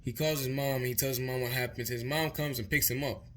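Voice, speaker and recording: A man's voice: medium pitch, fairly even intonation, brisk, a bit bright. A young man vlogger telling a long story in a casual, rambling way, full of swearing and repeated words. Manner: rambling, profane, repeats himself.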